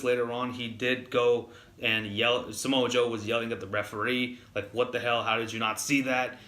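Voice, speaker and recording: A man's voice: mid-range voice, pushed and bright, roomy sound. A man giving a casual spoken wrestling review, rambling with lots of fillers and restarts, getting heated when annoyed.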